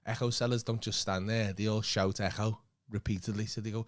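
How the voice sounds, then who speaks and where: A man with a Liverpool accent, a comedian co-hosting a podcast, telling a story in an animated way, swearing freely and acting out what other people said. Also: fairly low pitch, brisk. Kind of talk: casual anecdote telling.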